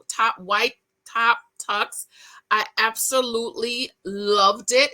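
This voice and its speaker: Gushing bright-voiced woman vlogger. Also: mid-range voice. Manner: gushing and rambling, with frequent self-corrections. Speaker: reality TV recap vlogger. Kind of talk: casual recap chat.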